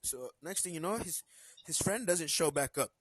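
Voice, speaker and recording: A man hosting a live stream, telling a story in a casual, animated way and acting out the characters' lines. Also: fairly high pitch, moderate pace, breathy edge, no echo, low-quality recording.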